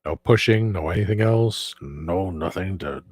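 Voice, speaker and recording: Hoarse man hosting a casual stream. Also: low voice, a little slow, no echo. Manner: rambling, with frequent restarts and self-corrections. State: hoarse from a sore throat. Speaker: show host. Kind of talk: casual livestream chat.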